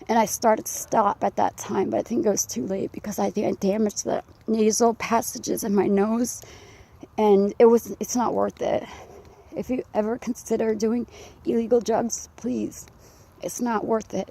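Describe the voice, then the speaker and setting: A woman out of breath, rambling and confessional as she vlogs while walking outdoors in a quiet neighborhood. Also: medium pitch, creaky. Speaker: vlogger. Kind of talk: casual vlog while walking. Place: outdoors, quiet residential community. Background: faint dog and insects.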